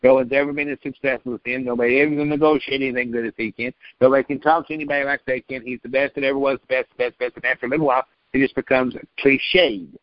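A man's voice: mid-range voice, steady tone, fast, few pauses, no room sound, lo-fi sound. A man talking politics on a podcast in a rambling, profane, mocking way.

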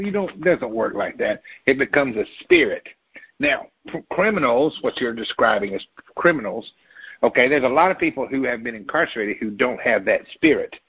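A man with a gravelly, husky voice talks in a loose, rambling way, pushing hard on his points and spelling words out to drive them home. He sounds like a guest sharing opinions on a talk show. The recording is dull and lo-fi. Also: medium pitch. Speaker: political commentator.

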